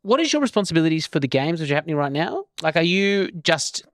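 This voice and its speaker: A man's voice: fairly high pitch, fast talker. A man hosting a podcast, introducing segments in a playful, casual way. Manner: lively, playful. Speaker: podcast host.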